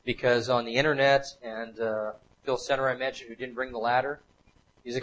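A man's voice: medium pitch, steady tone, quick pace, a bit bright, low-quality recording. A man giving a slide lecture to a live audience, talking emphatically and repeating his points over and over.

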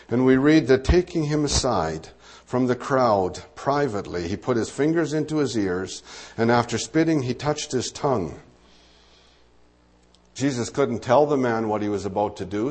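A man's voice: medium pitch, darkish tone. A man preaching a sermon, teaching through a Bible passage in a conversational way, with asides and fillers.

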